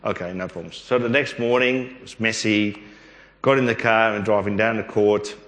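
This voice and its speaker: Middle-aged Australian man, low voice, rambling animated storyteller, recorded in a reverberant hall. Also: normal speed. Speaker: interview guest. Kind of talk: storytelling testimony. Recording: echoey room with long reverb.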